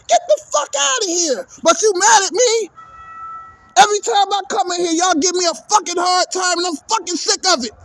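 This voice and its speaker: A man's voice: very high-pitched, fairly bright tone, dry recording. A man giving an angry, profane sports rant to his viewers, exasperated and repeating himself. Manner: profane, exasperated, repetitive ranting. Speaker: vlogger.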